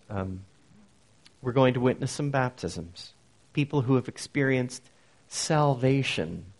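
A man's voice: medium pitch, darkish tone. A man preaching a sermon as pastor, earnest, with emphatic rises on key phrases.

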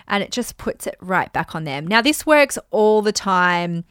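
A woman's voice: medium pitch, measured pace, hardly any pauses, clear, resonant tone, dry recording, studio quality. Chatty woman coaching on money mindset. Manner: chatty and animated, acts out dialogue in bright voices. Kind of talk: casual teaching monologue.

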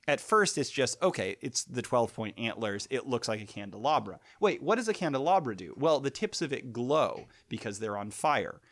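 A man's voice: mid-range voice, no echo. A middle-aged man hosting a podcast, giving a thoughtful close reading of a sonnet and reading lines of verse aloud. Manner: thoughtful, analytical, reads verse aloud slowly. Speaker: podcast host. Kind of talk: close reading of poetry, casual lecture.

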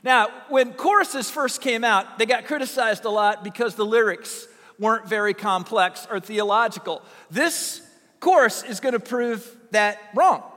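A man's voice: sits high, measured pace, fairly bright tone, in a large hall. A pastor from Southern Illinois preaching a sermon, telling folksy, humorous stories to his congregation. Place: church sanctuary.

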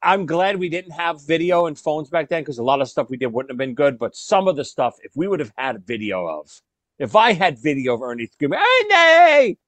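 A man telling a story to his friends in casual chat, animated, laughing often and repeating words. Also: a little high, fairly quick, no echo.

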